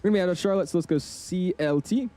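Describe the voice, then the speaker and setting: A man's voice: high voice, fast, dark tone. A man live-streaming a flight sim in a casual, slangy way, calling his viewers man and dude as he chats with them. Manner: laid-back, slangy, keeps calling the chat "man" and "dude".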